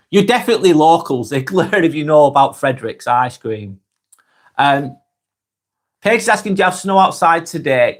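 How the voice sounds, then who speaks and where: A man with a slightly high, somewhat bright voice runs a casual live stream. He speaks with a Lancashire accent from Blackburn and Darwin in northwest England and reads viewer comments aloud in a friendly, chatty manner.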